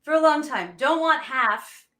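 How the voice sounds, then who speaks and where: A woman in her thirties hosts a casual podcast chat, talking with the eager, laughing energy of a devoted fan. Her voice is bright and forward. The room around her is noticeably echoey. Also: high voice, unhurried. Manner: excited, gushing fan with frequent laughs. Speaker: podcast host.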